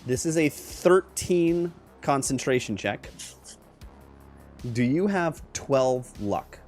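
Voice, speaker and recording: A man running a tabletop game, narrating scenes slowly for suspense and laughing between lines. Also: medium pitch, expressive, darkish tone, soft background music. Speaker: game master.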